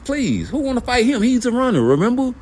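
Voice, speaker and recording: A man's voice: very high-pitched, a little fast, slightly rough. A middle-aged man, hosting a blunt, profane, heated rant about boxing. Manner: blunt, profane, animated, rhetorical questions. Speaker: boxing commentary host.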